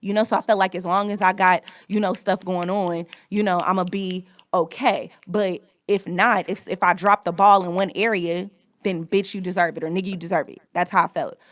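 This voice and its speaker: A woman's voice: fairly low pitch, fairly even intonation, normal speed. A woman in her thirties hosting a podcast, telling a personal story in a candid, reflective way with frequent swearing. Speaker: podcast host.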